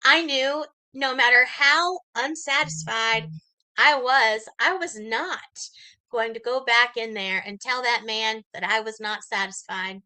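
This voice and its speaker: A woman telling a story on a live stream, animated and laughing, greeting viewers as she goes. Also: fairly high pitch, measured pace, low-quality recording. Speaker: livestreamer and mystery shopper. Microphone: computer or phone mic.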